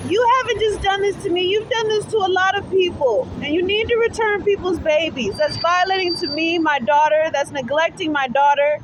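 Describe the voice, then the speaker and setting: A woman's voice: extremely high pitch, normal speed, few pauses. A woman crying and ranting angrily at a bus stop, talking into her phone camera with plenty of swearing. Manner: angry, tearful, profane, repetitive. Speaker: mother posting a video appeal. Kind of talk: emotional selfie vlog rant. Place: outdoors at a city bus stop. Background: faint street traffic and passersby.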